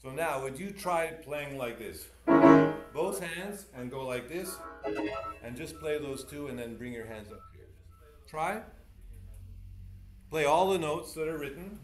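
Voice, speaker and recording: Lively man coaching piano in an echoey room. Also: a little high. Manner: animated, demonstrative and encouraging, with quick corrections. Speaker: piano teacher. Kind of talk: online masterclass coaching.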